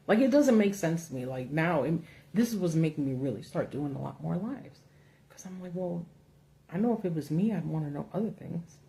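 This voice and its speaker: A woman with a low, mellow voice hosts a casual livestream from home. She rants bluntly and swears freely, working loosely from her notes. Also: brisk, vocal fry. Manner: blunt, profane, animated ranting. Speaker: political commentary host. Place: home setup with a ring light.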